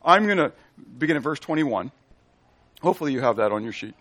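A pastor leads a Bible study in sermon form, speaking emphatically in a medium-pitched voice with lively intonation. He poses questions to the room and answers them himself, drawing out scripture readings slowly and loudly.

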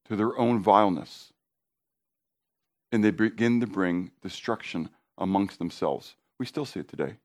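Middle-aged male pastor, fervent sermon delivery, rhetorical questions to the crowd, slightly low voice.

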